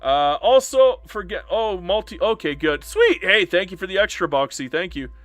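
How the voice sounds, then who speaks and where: A man's voice: high-pitched, moderate pace, no echo, soft background music. A man streaming a strategy game live, chatting casually with his viewers and a little emotional and upset. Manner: animated, talks straight to chat, swings from joking to earnest.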